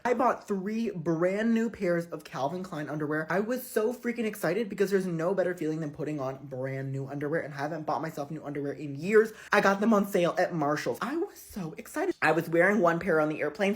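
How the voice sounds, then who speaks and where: A young man vlogging casually, telling a travel mishap in a dramatic, exasperated way, swearing and squealing when indignant. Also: high voice. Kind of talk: casual vlog storytelling.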